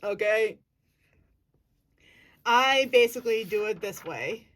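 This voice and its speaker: A woman's voice: on the high side, expressive, slow pace, a bit bright. Woman thinking aloud about acting. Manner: thinking aloud, searching for words, self-correcting. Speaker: acting student. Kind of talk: casual explanation of acting technique.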